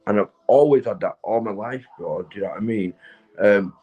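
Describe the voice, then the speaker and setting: A middle-aged man, drunk and high, rambling and swearing to his livestream viewers from his sofa at home. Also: a little fast, husky, muffled recording. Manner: rambling, swearing, keeps asking "do you know what I mean". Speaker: livestream host. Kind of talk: rambling casual livestream chat.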